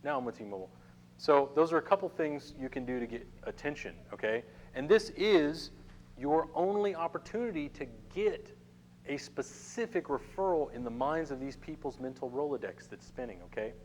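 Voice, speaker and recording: A man's voice: a little high, animated, moderate pace, a little mellow, a little hiss or hum, poor audio. A middle-aged man teaching a networking workshop to a live room, talking casually and checking in with "okay?" often. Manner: conversational, addresses the room with frequent "okay?" check-ins. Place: meeting room with a small audience.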